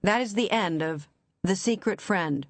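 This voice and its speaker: An audiobook narrator reading a thriller in an even, measured storytelling voice. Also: mid-range voice, no echo.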